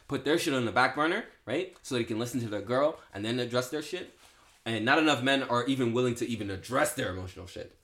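This podcast co-host is a young man whose voice sits at medium pitch with a slightly bright edge. Chatting in a relaxed back-and-forth, he pushes his opinion while leaning constantly on fillers like "like" and "you know."

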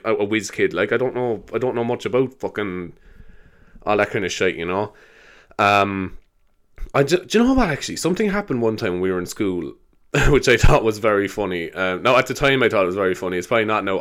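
On his casual solo podcast, an Irish twentysomething speaks in a fairly low, slightly bright voice. He jumps from one thought to the next, cursing freely, laughing a lot and leaning on fillers.

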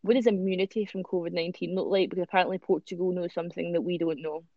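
A man's voice: sits high, steady tone, racing, no echo, lo-fi sound. A Scottish man co-hosting a casual podcast, reading news stories aloud and ranting with swearing. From Scotland. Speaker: podcast co-host.

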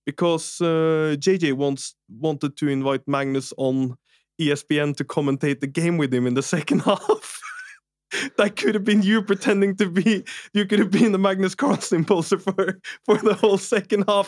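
Animated man telling a story on a podcast. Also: a little high, normal speed, no room sound, clean studio sound. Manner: animated, laughs through his own story. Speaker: podcast co-host.

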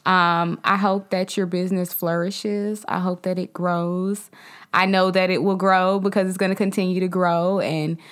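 A young woman hosting a podcast, chatting casually and backing up her guest with quick affirmations. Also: fairly low pitch, little pitch movement, clean tone. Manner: chatty, laid-back, frequent affirmations. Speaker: podcast host.

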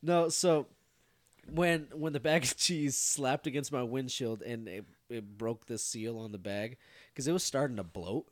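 A man's voice: medium pitch, measured pace, no echo. A man casually telling a story to friends on a podcast, rambling, swearing and laughing. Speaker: podcast co-host.

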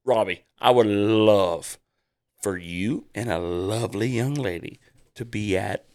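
A man hosting a casual podcast chat, loud, brash, joking and swearing freely. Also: lowish voice, takes it slowly. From Southwest Louisiana. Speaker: podcast host.

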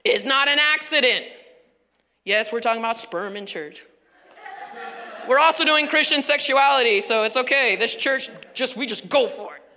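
A woman pastor preaching a sermon in a church, animated and conversational with laughing asides. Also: a little high, moderate pace, in a large hall, slight background noise.

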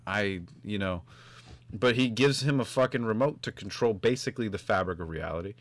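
A man's voice: lowish voice, brisk. A man co-hosting a podcast, rambling and joking in casual chat with plenty of swearing. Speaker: podcast co-host.

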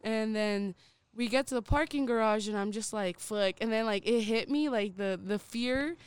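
A woman's voice: on the high side, moderate pace, smooth, no echo. A woman co-hosting a podcast, telling a story candidly and with plenty of swearing. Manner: candid, profane, laughing retelling. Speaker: podcast co-host. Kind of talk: casual storytelling chat.

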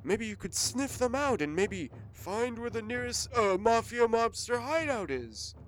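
A man's voice: very high voice, big pitch swings, measured pace, slight background noise, pitched above the performer's own voice, full character voice. A man playing a scheming Santa Claus in an improvised comedy role-play, delivering rambling, mock-grand speeches. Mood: rallying. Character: scheming male Santa Claus leading a revenge mission.

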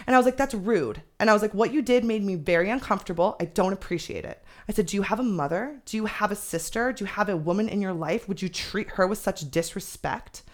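A young woman guest on a podcast, telling a story in candid, animated casual chat with frequent swearing. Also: medium pitch, quick pace, few pauses.

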